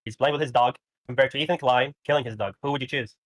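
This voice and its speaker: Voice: mid-range voice, fairly even intonation, fast talker, no room sound. Caller with a fake Indian accent. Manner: insistent, repeats questions. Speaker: caller in a debate. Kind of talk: heated argument.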